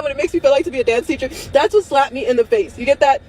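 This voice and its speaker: A young woman with a somewhat high voice speaks in an unscripted, emotional monologue. She rambles and restarts, sounding strained and close to tears, with nervous laughter breaking in between phrases. A faint hum of noise sits behind her. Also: racing, warm tone, poor audio. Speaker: vlogger.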